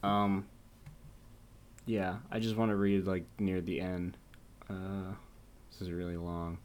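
A man's voice: low-pitched, flat delivery, takes it slowly, pauses often. Man reading fan fiction aloud over music. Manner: reads fan fiction aloud with laughing, exaggerated drama. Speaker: podcast co-host. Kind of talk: casual chat, mock-dramatic reading aloud.

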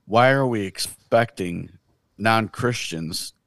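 A man's voice: lowish voice, takes it slowly, a bit bright, dry recording. A man co-hosting a podcast, chatting casually and reflectively about faith, often trailing off mid-thought. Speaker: podcast co-host.

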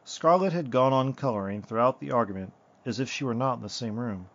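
Man calmly narrating a storybook. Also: medium pitch, fairly quick, muffled recording.

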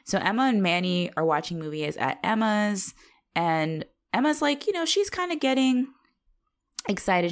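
Animated woman recapping a TV episode. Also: medium pitch, normal speed. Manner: animated, swears freely, acts out characters' lines. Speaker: podcast co-host. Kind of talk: casual rewatch podcast chat.

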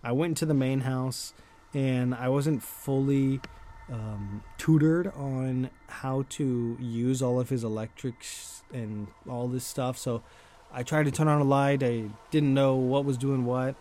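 A man's voice: mid-range voice, steady tone, slow, warm tone. A man telling a personal story in a loose, chatty way, full of "like", light laughs and casual swearing. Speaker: storyteller host.

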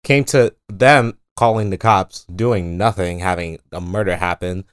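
A man co-hosting a casual podcast, offering lively, reflective commentary. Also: deep voice, unhurried, clear, resonant tone, no echo, clean studio sound. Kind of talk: casual chat.

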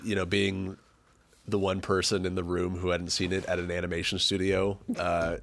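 A man with a hoarse, deep, gravelly voice from being sick, chatting casually as a podcast co-host in a dry, self-deprecating way. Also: flat delivery, normal speed, a bit bright, slight background noise. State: hoarse from illness. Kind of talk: casual chat.

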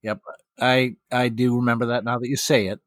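A man's voice: mid-range voice, little pitch movement, brisk, no room sound, studio quality. A man from South Dakota hosting an interview, joking and self-deprecating. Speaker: podcast host. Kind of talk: casual interview chat.

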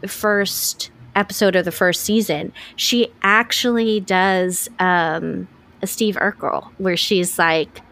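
A woman's voice: medium pitch, steady tone, slow pace, a bit bright. A woman co-hosting a podcast, talking in a casual, eager way with lots of restarts and fillers. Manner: enthusiastic, rambling with restarts and fillers. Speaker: podcast co-host. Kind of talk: casual chat.

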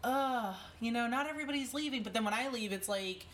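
Chatty woman, animated storyteller. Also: on the high side, fast, far from the mic, a little hiss or hum. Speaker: event organizer. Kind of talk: casual chat.

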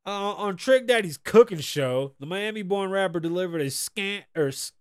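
An American man hosting a podcast, riffing on the news in a loud, profane and excitable way from a studio. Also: high voice, moderate pace, clear, resonant tone. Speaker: podcast host. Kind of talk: casual news commentary.

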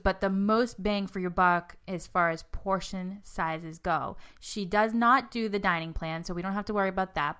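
A woman's voice: mid-range voice, a bit bright, clear, resonant tone. A middle-aged woman with a Boston accent co-hosting a casual podcast, laughing often and tripping over her words. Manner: giggly, self-teasing, stumbles over words. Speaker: podcast co-host. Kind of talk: casual chat.

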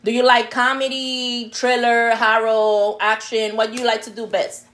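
Woman, podcast co-host, slightly high voice, chatty, laughs often. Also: little pitch movement, normal speed, a bit bright. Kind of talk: casual podcast interview.

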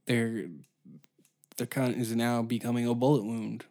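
Man as a matter-of-fact killer bartender, crude and deadpan. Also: medium pitch, unhurried, natural voice. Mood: menacing. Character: murderous male bartender, grim and matter-of-fact.

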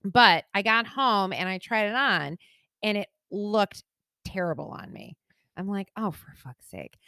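Young woman co-host, relaxed chatter, crisp bright voice, no room echo. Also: mid-range voice, unhurried. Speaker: podcast co-host. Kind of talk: casual chat.

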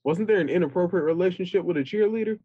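A man's voice: high-pitched, fast talker, husky, no room sound, phone-quality sound. A man hosting a sports talk show, wry and prodding his co-host to keep going.

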